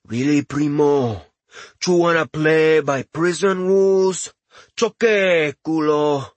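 A man's voice: mid-range voice, sing-song, slow, fairly bright tone, husky, no echo, exaggerated voice. A man doing a cocky, mocking giant. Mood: mocking menace. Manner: shifts into put-on voices, one a thick Latin accent.

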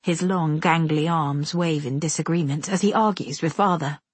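A woman reading a first-person story aloud with measured, intimate storytelling. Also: low-pitched, husky, no room sound. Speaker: audiobook narrator. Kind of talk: first-person audiobook narration.

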